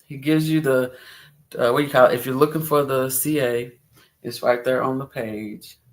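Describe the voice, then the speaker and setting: A man's voice: medium pitch, fairly even intonation, moderate pace. A man hosting a casual livestream, upbeat and chatty, who laughs often and repeats himself. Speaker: livestream host.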